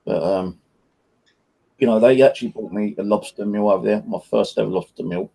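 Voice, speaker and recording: A man's voice: on the low side, fairly quick, gravelly, warm tone, husky. A man with an English accent telling a rambling anecdote in casual chat on a live stream, full of "you know" and "like". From England.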